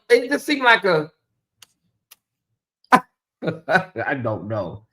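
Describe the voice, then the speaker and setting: A man hosting a casual live-stream commentary, chatty and animated, often calling out to viewers. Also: mid-range voice, slow pace, pauses often. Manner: animated, chatty, laughs and addresses viewers as y'all. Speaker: commentary channel host.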